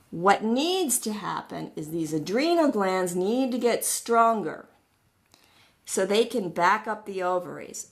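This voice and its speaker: A middle-aged woman gives a friendly, explanatory lecture as a wellness educator. She talks casually and fills the lesson with everyday analogies, sometimes acting out little voices to make a point. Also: medium pitch. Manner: chatty, acts out little voices in her analogies.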